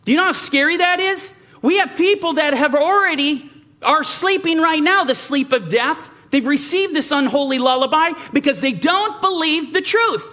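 Male bible teacher, very high voice, bright and forceful tone, emphatic sermon. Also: lively intonation, moderate pace. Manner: emphatic, rhetorical questions, mimicking doubters.

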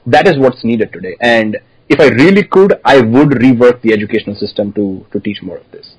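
A man from India, a doctor and PhD student, answering interview questions in a thoughtful, modest, measured way. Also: mid-range voice, expressive, slightly rough, low-quality recording.

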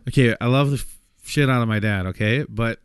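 A man's voice: medium pitch, a little fast, clear, resonant tone, no room sound, studio quality. A man co-hosting a casual podcast, rambling and laughing, swearing freely as he fiddles with a phone call. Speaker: podcast co-host.

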